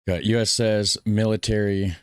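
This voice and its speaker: A man with a very deep voice talks loosely through a live reaction stream. He rambles in a chatty way and swears casually. The sound is dry and close. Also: steady tone, normal speed, smooth, dry recording. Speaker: reaction video host.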